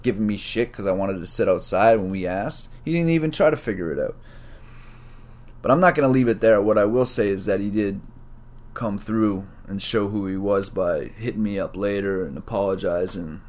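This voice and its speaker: A man's voice: lowish voice, normal speed, a little mellow. A man telling a personal story in a rambling, profane monologue full of slang. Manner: rambling, profane, streetwise slang, says "man" and "bro" a lot; reflective, gets worked up retelling a conflict.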